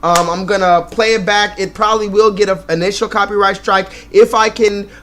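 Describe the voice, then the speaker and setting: A man's voice: sits high, level tone, moderate pace, a bit bright, slight background noise. A man hosting a live stream, ranting and swearing in loose commentary, repeating himself and laughing often.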